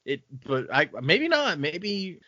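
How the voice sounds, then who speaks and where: A man with a mid-pitched voice muses over a fantasy book and reads out notes, pausing on fillers as he goes. The sound is dry and close. The audio is dull and lo-fi. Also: very animated, sharp tone, dry recording. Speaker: podcast co-host. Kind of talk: casual book-club chat.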